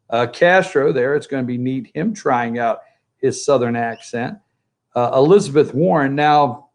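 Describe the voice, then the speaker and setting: A man hosting a political opinion show from home by a pool, remote from the studio, talking in a sarcastic, jokey and animated way. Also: mid-range voice, measured pace. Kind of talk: opinionated talk-show commentary.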